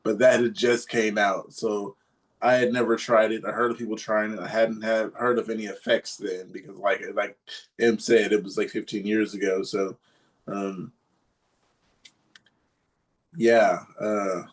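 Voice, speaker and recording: A man's voice: fairly low pitch, level tone, measured pace. Rambling man telling a story. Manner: rambling, many ums and restarts. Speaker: podcast guest or co-host. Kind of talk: casual podcast storytelling.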